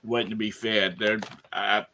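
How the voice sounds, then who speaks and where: A man chats in a laid-back, hesitant way, pausing on fillers. His voice sits a little low. Faint noise hums behind him. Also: little pitch movement, bright, forceful tone. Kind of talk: casual chat.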